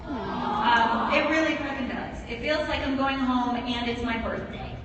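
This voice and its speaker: A woman's voice: high-pitched, measured pace, muffled recording, heavy background noise. Frank older woman in a reverberant hall. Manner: frank, heartfelt, swears. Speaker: actress panel guest. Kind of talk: convention panel answer. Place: large convention hall. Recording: reverberant hall, distant mic.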